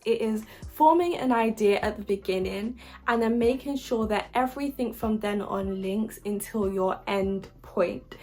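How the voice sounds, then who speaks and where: A woman's voice: medium pitch, a little mellow. A young woman from the UK giving casual advice about university applications, chatty and upbeat with frequent fillers. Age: young adult. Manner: chatty and upbeat, lots of likes and ums.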